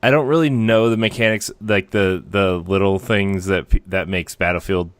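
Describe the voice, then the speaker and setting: A man's voice: low voice, fairly even intonation, moderate pace, no echo. A man co-hosting a gaming podcast, talking casually with hesitant, rambling starts and fillers. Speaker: podcast co-host.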